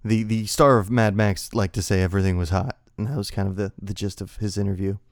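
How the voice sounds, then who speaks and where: A man's voice: fairly low pitch, flat delivery, quick pace, no echo, studio quality. A man hosting a comedy podcast, playing straight man with playful questions and frequent laughs. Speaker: podcast host.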